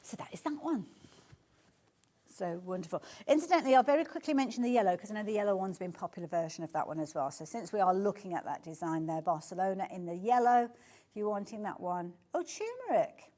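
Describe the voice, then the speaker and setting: A woman's voice: mid-range voice, lively intonation, fast, mellow. A woman presenting fabrics on a live TV sales show, chatty and gushing, praising each design. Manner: gushing, chatty, keeps saying beautiful. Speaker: shopping channel presenter. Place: TV studio.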